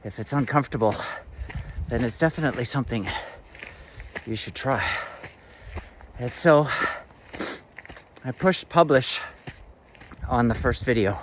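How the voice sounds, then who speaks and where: A man out of breath, talking in a breathy voice while running trails, thinking aloud in a halting, reflective way. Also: medium pitch, a little hiss or hum. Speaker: vlog host. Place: outdoor trails.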